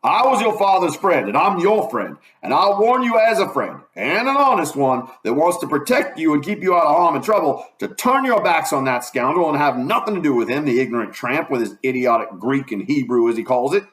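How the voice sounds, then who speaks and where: A man voicing an angry, stern older male doctor who speaks in forceful, accusing tones in a storybook reading. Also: medium pitch, animated, a little fast, hardly any pauses, lightly acted. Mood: indignant.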